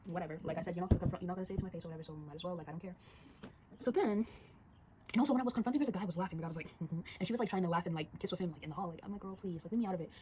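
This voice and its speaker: A teenage girl chatting casually and rapidly, telling a story while drawing and acting out the voices of the people in it. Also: fairly low pitch, background noise. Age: teens. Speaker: storyteller vlogger.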